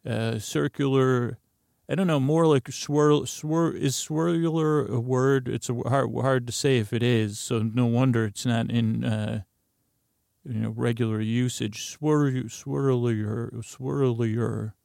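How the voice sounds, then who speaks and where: A man's voice: mid-range voice, little pitch movement, a little slow, a little mellow, dry recording, studio quality. A man hosting a sleep podcast, talking in a meandering, self-correcting ramble full of fillers and drifting asides. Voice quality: creaky, gravelly. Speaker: podcast host. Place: closet. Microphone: close studio mic.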